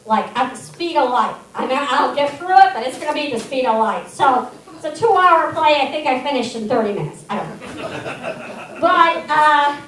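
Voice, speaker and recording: A woman's voice: high voice, moderate pace. Brief: middle-aged female stand-up, wry storyteller; distant mic, heavy room echo, faint background hum. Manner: animated, self-deprecating, wry. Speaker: student stand-up comedian. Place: comedy theater stage. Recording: echoey hall from far off.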